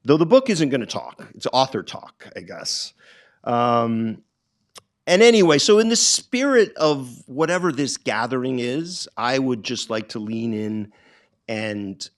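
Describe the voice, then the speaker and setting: A middle-aged man, an author, speaking to an audience at a bookstore event in a reflective, halting way, with frequent ums and restarts. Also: mid-range voice, big pitch swings.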